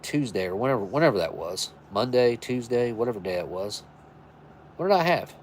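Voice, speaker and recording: A man's voice: mid-range voice, big pitch swings, a little fast, slight background noise. A man hosting a live stream, chatting casually and rambling as he thinks aloud and corrects himself. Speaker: live stream host reviewing military rations.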